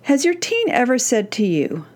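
A woman's voice: mid-range voice, expressive, a little mellow. A middle-aged woman, a parenting coach, giving a scripted podcast lesson in an earnest, emphatic way. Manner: earnest and emphatic, slowing down to act out quoted teens.

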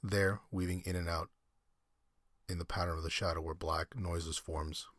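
A man narrating a short story in a measured, steady way. His voice is deep and husky, and the recording sounds close and dry with no room around it. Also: dry recording. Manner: measured storytelling with occasional restarts. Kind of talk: audiobook reading of a short story.

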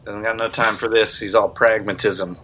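A man playing a tabletop game, chiming in with quick enthusiastic remarks. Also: on the low side, little pitch movement, pushed and bright, slight background noise, low-quality recording. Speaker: player. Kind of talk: casual tabletop game chat.

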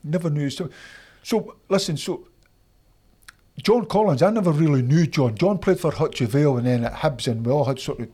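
A Scottish man in his fifties, a former footballer, telling lively anecdotes in a casual interview and acting out the people he quotes. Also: on the high side, normal speed, breathy edge. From Scotland. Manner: animated anecdotes, acts out quoted voices.

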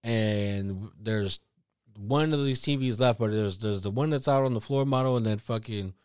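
Podcast co-host, male, lowish voice, loose profane storyteller, dry close mic. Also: moderate pace, a little mellow, clean tone, dry recording. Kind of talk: casual chat.

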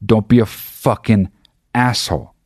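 Profane, emphatic man with a low voice. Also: a little slow, dry recording, clean studio sound. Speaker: podcast host. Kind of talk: casual monologue.

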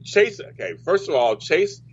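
Husky man rambling on lo-fi audio. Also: fairly high pitch, big pitch swings, a little slow. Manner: rambling, many restarts. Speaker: soap opera show host. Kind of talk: casual chat. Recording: dull lo-fi audio.

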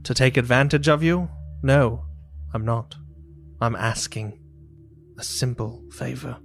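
A man playing a weary, earnest higher power. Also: creaky. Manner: measured, grave, slow-spoken. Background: ambient music with singing bowl.

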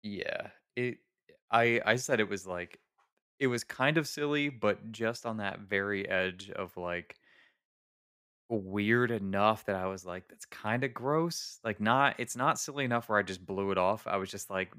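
A man co-hosting a podcast, rambling through a movie scene with laughs and quick bursts of acted-out dialogue. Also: lowish voice, pushed and bright, clean tone, no echo, clean studio sound. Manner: rambling, laughing, acts out characters' lines. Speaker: podcast co-host. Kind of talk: casual chat recapping a movie.

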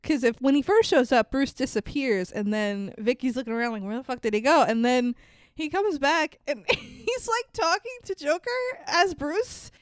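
A woman co-hosting a podcast in casual chat, animated, laughing often and swearing freely. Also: high voice, normal speed, no echo. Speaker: podcast co-host.

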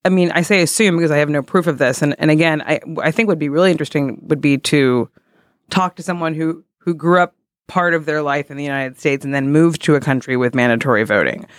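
A woman's voice: sits low, fast talker, no echo, studio quality. A woman co-hosting a podcast in casual chat, wry and hesitant with stammering restarts. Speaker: podcast co-host.

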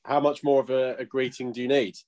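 A man's voice: mid-range voice, little pitch movement, a little fast, a little mellow. A man co-hosting a podcast in casual chat, dry and teasing. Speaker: podcast co-host.

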